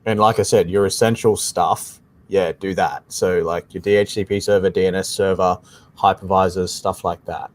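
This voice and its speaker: A man's voice: deep voice, fairly even intonation, normal speed. A man with an Australian accent co-hosting a live tech Q&A stream, explaining things casually and often saying "like I said". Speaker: tech support co-host.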